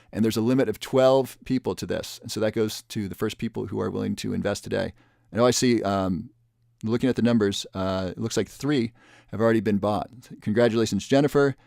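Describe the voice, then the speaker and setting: A man presenting a webinar and making an upbeat sales pitch, repeating the offer with urgency. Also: vocal fry, darkish tone, no echo, clean studio sound.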